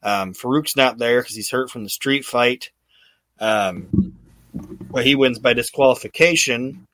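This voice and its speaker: A man's voice: mid-range voice, unhurried, fairly bright tone, dry recording. A man hosting a podcast, recapping in a rambling, casual way full of restarts. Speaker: podcast host.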